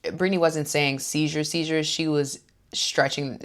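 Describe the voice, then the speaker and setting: Low-voiced chatty woman recapping reality TV. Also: normal speed, a bit bright. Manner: chatty and opinionated, acts out quotes. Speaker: host.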